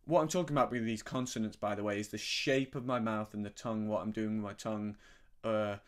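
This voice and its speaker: A middle-aged man teaching a harmonica lesson in a relaxed, gentle, explanatory way, sometimes humming syllables to show a sound. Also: on the low side, fast. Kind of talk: relaxed spoken music lesson.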